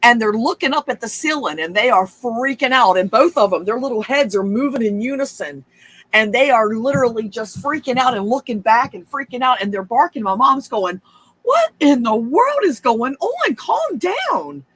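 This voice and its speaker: With a drawl and a bright, somewhat pushed voice on the high side, a woman briskly tells a personal story. She's chatty and rambling, veering into frequent asides and swearing freely.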